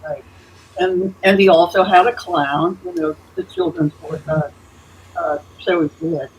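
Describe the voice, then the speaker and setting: A woman's voice: fairly low pitch, lively intonation, measured pace, slight background noise, poor audio. An elderly woman storyteller chatting casually on a video call, telling anecdotes with many "uh"s and "you know"s. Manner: warm anecdotal, chuckling asides, frequent "uh" and "you know". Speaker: storyteller guest.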